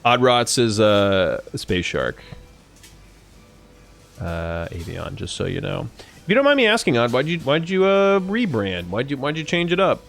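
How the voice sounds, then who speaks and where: A young man live streaming, chatting casually with viewers, animated and swearing freely. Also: medium pitch, unhurried, vocal fry, faint music behind. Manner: animated, swearing, laughing at his own jokes.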